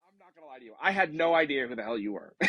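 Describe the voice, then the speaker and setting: A man's voice: medium pitch, lively intonation, fast talker, sharp tone, breathy edge, no room sound. A man in his late thirties hosting a podcast, talking loosely with lots of fillers and casual swearing. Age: late 30s. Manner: loose, rambling, with many fillers and mild swearing. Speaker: podcast host. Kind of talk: casual interview chat.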